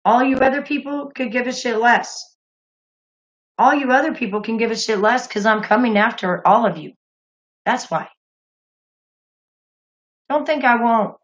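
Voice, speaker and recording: A woman's voice: fairly high pitch, unhurried, pauses often, lo-fi sound. A woman hosting a call-in livestream, talking bluntly with angry outbursts and lots of swearing. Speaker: livestream host taking calls.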